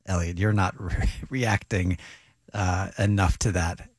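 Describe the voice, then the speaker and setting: A man's voice: low voice, steady tone, slow, husky, no echo. A man co-hosting a morning radio show, teasing the host and laughing along in a studio.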